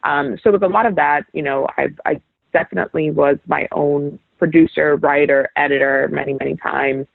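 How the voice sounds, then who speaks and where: A young woman from New York City talks through a guest interview in a chatty way, full of fillers and restarts. Her voice is husky with some gravelly fry. It comes through a thin, phone-like line. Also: low-pitched, steady tone, moderate pace, dry recording. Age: young adult. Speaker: guest, sports reporter. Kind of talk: casual interview chat.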